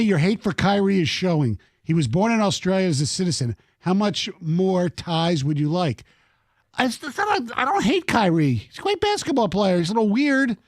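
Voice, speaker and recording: A man's voice: sits high, no echo, studio quality. A man hosting a casual sports radio talk show, laughing often and reading listener texts aloud in a self-deprecating way.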